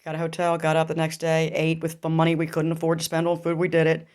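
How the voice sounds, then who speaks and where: A woman's voice: sits low, monotone, fast talker, darkish tone. A middle-aged woman vlogger telling a raw personal story, intense and profane, full of rhetorical questions.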